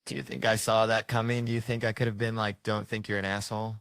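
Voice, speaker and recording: A man's voice: lowish voice, flat delivery, fast talker, vocal fry, fairly bright tone, clear, resonant tone, dry recording, studio quality. A man doing a stand-up set, telling rambling, profane stories about his family. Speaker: stand-up comedian.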